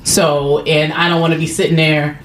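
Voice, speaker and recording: A woman's voice: low voice, moderate pace. A woman speaking openly and with animation in a casual chat. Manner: animated and open. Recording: echoey room with faint noise.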